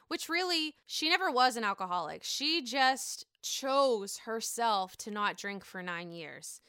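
A woman's voice: fairly high pitch, fairly bright tone, clean tone, no room sound, clean studio sound. A woman giving a casual, gossipy recap of a reality show and breaking into put-on voices when she quotes people.

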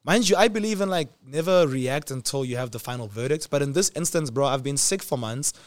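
In casual talk, a young male host recounts something that happened to him, animated and frequently laughing as he voices the characters, doctors included. His voice is mid-range and fairly quick, with no room sound.

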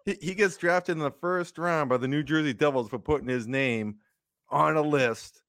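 A man's voice: on the high side, moderate pace, a bit bright, no room sound, clean studio sound. A man co-hosting a podcast, chatting in a loose way full of fillers and interjections. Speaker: podcast co-host. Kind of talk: casual chat.

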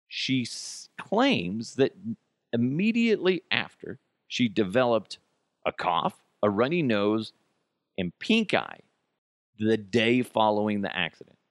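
A man hosts a comedic news podcast in a mocking, profane rant, forever wandering off on tangents. His pitch leaps around wildly as he riffs. The sound is dry and close, with no room around it. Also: fairly bright tone, no echo. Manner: tangents and laughter-breaks. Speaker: podcast host.

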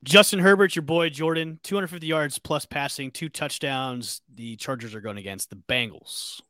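A man hosting a casual football podcast, moving things along with quick okays and all rights. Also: fairly high pitch, sharp tone, no room sound, clean studio sound. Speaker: podcast host. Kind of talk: casual sports chat.

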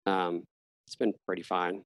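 A man hosting a casual sports podcast, chatty and quick to laugh, often trailing off mid-thought. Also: deep voice, monotone, no room sound. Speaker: podcast host. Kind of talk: casual chat.

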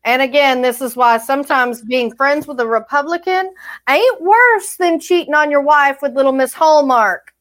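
Southern woman co-host, higher voice, chatty, quick to laugh. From Texas. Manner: chatty, laughs often, animated storytelling. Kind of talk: casual chat.

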